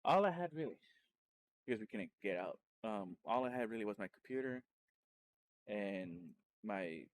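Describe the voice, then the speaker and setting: A man, a streamer and podcast host, telling his story in a loose, rambling way, full of restarts and self-corrections, and getting animated when he retells exciting moments. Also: fairly low pitch, moderate pace, slight background noise. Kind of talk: casual personal storytelling.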